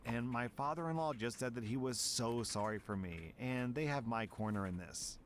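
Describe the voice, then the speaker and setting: A man streamer reading a story aloud and reacting, amused and animated. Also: mid-range voice, a little hiss or hum. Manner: amused, breaks into laughter.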